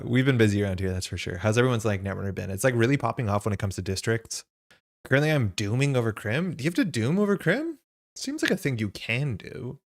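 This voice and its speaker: A young man hosting a live stream, out of breath and chatty, greeting viewers in the chat by name. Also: fairly low pitch. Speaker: streamer and host.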